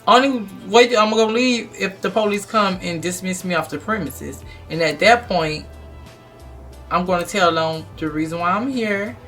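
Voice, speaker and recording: Blunt, animated young woman vlogger. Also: fairly low pitch, moderate pace, soft background music. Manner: animated, blunt, emphatic storytelling. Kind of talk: storytime vlog.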